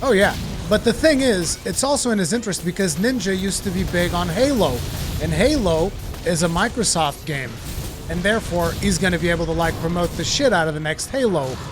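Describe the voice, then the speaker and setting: A man's voice: sits high, animated, fairly quick, over music. A man streaming a game, chatting casually and rambling with plenty of swearing. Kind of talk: casual live-stream chat.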